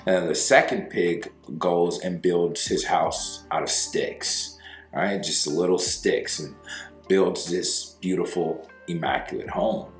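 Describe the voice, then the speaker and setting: Very deep-voiced male breakup coach. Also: fairly even intonation. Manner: conversational, with fillers and slow emphasis. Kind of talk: storytelling advice monologue. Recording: roomy sound with faint music.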